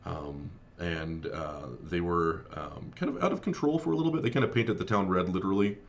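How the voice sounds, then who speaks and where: A man running a tabletop game as game master, narrating in a halting way as he searches for words. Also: low voice, highs cut off.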